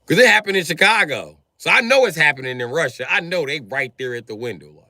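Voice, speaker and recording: A comedian on a live stream, cursing freely and acting out characters. His voice is sharp and forceful, climbing and dropping across a wide range. The sound is dry and close. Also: fast talker, dry recording. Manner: profane, animated, acts out voices with big pitch jumps.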